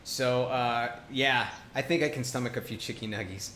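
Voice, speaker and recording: A man's voice: mid-range voice, moderate pace, bright, forceful tone. Male co-host, teasing and rambling, roomy recording with faint hiss. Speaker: podcast co-host. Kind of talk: casual chat.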